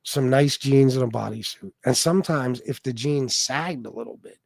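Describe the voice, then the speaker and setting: A man's voice: mid-range voice, normal speed, vocal fry, few pauses, a little mellow, no room sound. A man in his forties hosting a casual livestream, rambling and joking with plenty of profanity, stammering when flustered. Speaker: livestream host. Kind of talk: casual live-stream chat.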